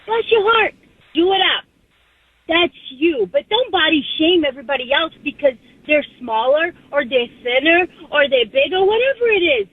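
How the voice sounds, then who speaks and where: A woman's voice: sits high, lively intonation, normal speed, no echo. A woman calling in to a radio show, ranting bluntly and indignantly. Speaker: caller. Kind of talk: call-in radio rant. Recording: phone line.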